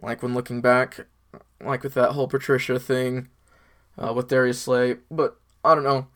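A man's voice: mid-range voice, flat delivery, normal speed. A young man co-hosting a casual sports podcast, laid-back and rambling, full of fillers. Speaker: podcast co-host.

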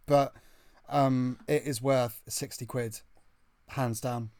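A man with a British accent telling a story in casual chat, excitable and breathless, often restarting his sentences. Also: medium pitch, slow, no echo.

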